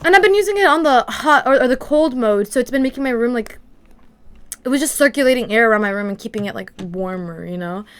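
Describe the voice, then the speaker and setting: A woman's voice: fairly high pitch, lively intonation, quick pace, fairly bright tone, clean tone. A woman streaming from her room at home, chatting casually to her viewers in a rambling way full of "like" fillers. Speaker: livestreamer. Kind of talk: casual livestream chat.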